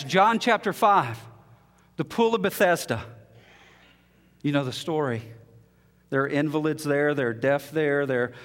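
Man preaching in a reverberant hall. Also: on the high side. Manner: storytelling, rising to emotional peaks then dropping soft. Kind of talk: sermon.

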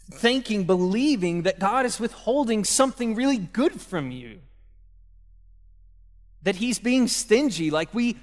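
A young man preaching a sermon in a casual, conversational way, telling stories from home and speaking directly to parents. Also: high voice. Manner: conversational, storytelling with asides to parents. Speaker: pastor. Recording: long reverb of a hall.

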